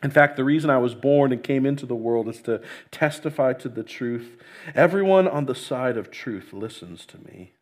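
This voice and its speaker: A man reading scripture aloud, voicing a calm male teacher who answers his accuser in a steady, measured way. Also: mid-range voice, lightly acted.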